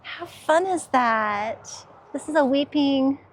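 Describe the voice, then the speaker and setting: High-voiced woman gushing over plants. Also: lively intonation, a little hiss or hum. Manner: gushing, enthusiastic, quick to laugh. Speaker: garden vlogger. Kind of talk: casual walk-through vlog. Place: outdoor garden center. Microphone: handheld camera.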